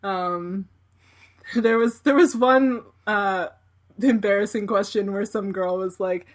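A woman's voice: medium pitch, slow pace. A woman casually telling a long story, rambling with lots of fillers and frequent giggles.

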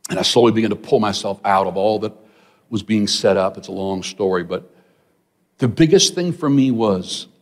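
A man's voice: on the low side, moderate pace. Middle-aged male pastor in a reverberant hall. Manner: storytelling, animated asides to the congregation. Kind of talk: sermon. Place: large church hall.

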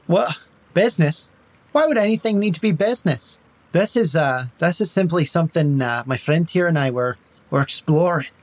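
A man's voice: expressive, normal speed. Guy doing a slippery irish elf bard, sweet-talking, voice jumps up when he's cornered. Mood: evasive. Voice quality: lilting, wheedling, pitch rising when pressed. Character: fast-talking male elf bard, smooth and evasive. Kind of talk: tabletop role-play in character.

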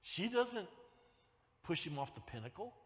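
A man preaching a sermon in a church, folksy, dropping "amen?" asides and building up to shouts. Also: high-pitched, sing-song, a little slow, in a large hall. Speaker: pastor. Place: church sanctuary.

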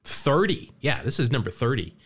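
A male podcast host in easygoing chat. His voice rises and falls a lot as he jokes and rambles, with plenty of fillers and false starts. His pitch sits in a middle range for a man. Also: sing-song, moderate pace, slightly rough. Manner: rambling, jokey, with many fillers and restarts.

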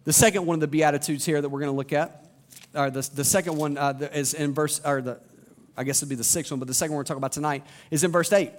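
A man's voice: a little high, fast. A man preaching a sermon as a pastor, reading scripture aloud and explaining it with rhetorical questions.

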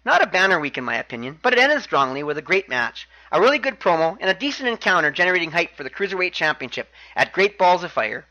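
A man's voice: sits high, big pitch swings, quick pace, few pauses, bright, forceful tone, poor audio. A man hosting a podcast, recapping wrestling matches in a chatty way with wry asides. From Canada. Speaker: podcast host.

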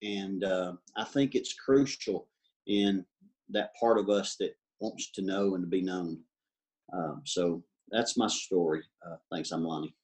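Man, earnest, halting, lowish voice, support group share. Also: a little mellow, rough recording. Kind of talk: sharing in a recovery meeting.

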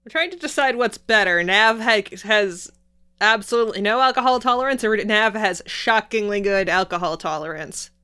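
A woman's voice: mid-range voice, lively intonation, normal speed, bright, forceful tone, clean tone. A woman playing a tabletop game, wryly narrating her character's actions. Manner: wry, mixes narration of her character with chat. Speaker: player. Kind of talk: casual tabletop game chat.

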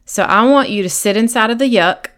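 A woman's voice: a little high, brisk, fairly bright tone. A woman hosts a faith-based coaching podcast in an earnest, encouraging voice. She talks directly to one listener, now and then acting out that listener's inner thoughts as quotes. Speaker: podcast host and sobriety coach.

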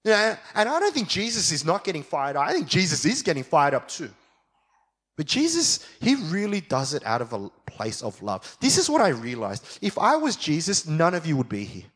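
A man's voice: fairly high pitch, huge pitch swings, normal speed, husky. Fired-up male preacher. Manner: builds from quiet reflection to fired-up preaching. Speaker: pastor. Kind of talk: sermon.

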